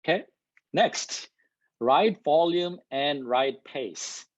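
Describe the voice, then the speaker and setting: A man who speaks English as a second language, giving a lively, loud talk to a live and online audience, laughing often and asking the room "right?". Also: on the high side, extremely slow, no echo. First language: not English. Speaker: guest speaker. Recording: dull lo-fi recording.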